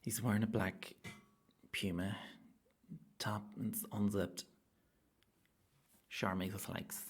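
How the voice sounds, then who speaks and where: Ranting, swearing Northern Irish comedian. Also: male voice, on the low side, vocal fry. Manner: profane, ranting, with sudden loud outbursts. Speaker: stand-up comedian and podcast host. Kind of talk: rambling comic monologue.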